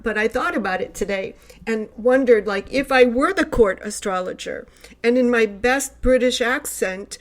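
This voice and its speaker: A woman's voice: a little high, moderate pace. A woman astrologer hosting her horoscope channel, talking casually in a loose, rambling way. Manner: chatty and rambling, with many fillers and restarts. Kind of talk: casual spoken horoscope monologue.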